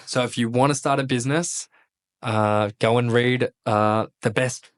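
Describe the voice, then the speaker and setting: A man's voice: mid-range voice, unhurried, clear, resonant tone. Blunt, foul-mouthed Australian man. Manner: blunt, swears freely, animated retelling. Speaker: podcast guest, former army officer. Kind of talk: casual conversational storytelling.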